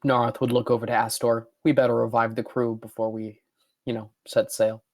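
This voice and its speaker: A man playing a character in a tabletop game, halting with many restarts. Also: medium pitch, little pitch movement, dry recording, clean studio sound. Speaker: player. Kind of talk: tabletop role-play.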